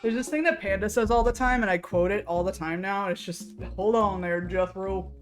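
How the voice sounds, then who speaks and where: A woman's voice: medium pitch, a little fast, soft background music. A woman streamer in casual chat with her viewers, talking loosely, laughing often and reading chat messages aloud. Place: home room.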